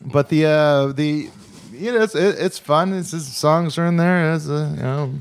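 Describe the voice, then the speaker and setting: A man's voice: fairly high pitch, moderate pace, smooth, dry recording. A man hosting a casual podcast, rambling with many fillers and restarts. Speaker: podcast host. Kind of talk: casual chat.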